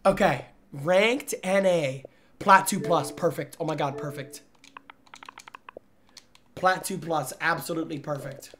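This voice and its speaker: A young man streaming a game, chattering excitedly to his chat in slangy, excitable commentary. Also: on the high side, a little slow, pauses often, a little hiss or hum. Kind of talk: live gaming commentary.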